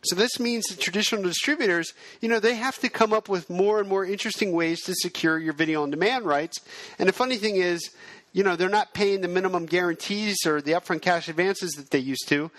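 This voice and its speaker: A male podcast host who explains things in a steady, self-described monotone. His voice sits a little high and sounds close and dry, with no room around it. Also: a little fast, dry recording. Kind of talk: podcast monologue.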